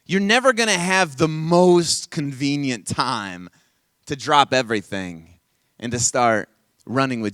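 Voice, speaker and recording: A man preaching an energetic youth sermon at a camp session, playfully coaxing the audience to call back lines. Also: mid-range voice, dry recording. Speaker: camp speaker.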